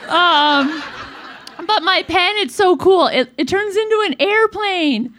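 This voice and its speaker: A woman roasts live in character as a comedic spin on a famous 1950s female comedian, giggly and rambling, self-deprecating, laughing at her jokes. Her heavily acted voice is very high, expressive and slow, with a noisy background.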